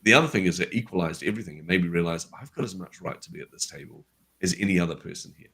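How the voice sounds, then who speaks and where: A man with a low, deep voice tells a personal story in a relaxed conversation. He is an animated storyteller and acts out the dialogue he remembers. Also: racing, gravelly. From New Zealand. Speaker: guest.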